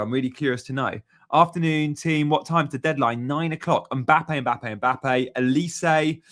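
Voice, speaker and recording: A man's voice: medium pitch, fairly bright tone. A young man chatting casually on a live stream, upbeat and reading out viewer comments as he goes. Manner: chatty, upbeat, reads out chat messages. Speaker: fantasy football streamer.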